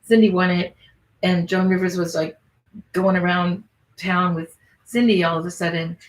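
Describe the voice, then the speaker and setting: A woman's voice: fairly low pitch, fairly even intonation, normal speed. A woman comedian hosting a podcast, telling rambling, profane stories in casual chat and restarting her sentences. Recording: echoey room.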